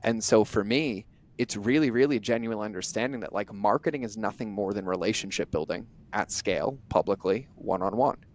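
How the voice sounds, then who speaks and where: A middle-aged man, a podcast guest, telling stories in a blunt, animated way and acting out bits of dialogue as he goes. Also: on the low side, slight background noise. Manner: animated, acts out imagined dialogue in quick bursts; blunt, drops the odd curse. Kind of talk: conversational interview storytelling.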